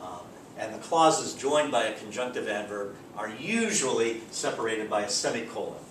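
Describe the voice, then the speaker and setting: A man teaching a grammar lecture in a relaxed way, reading out example sentences. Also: normal speed. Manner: relaxed, explains with spoken examples and fillers. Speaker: English teacher. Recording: echoey room, distant mic, background rumble.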